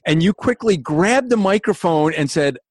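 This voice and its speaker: A man's voice: sits high, expressive, normal speed, no room sound. Teasing male podcast host. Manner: teasing, laughs often. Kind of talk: casual chat.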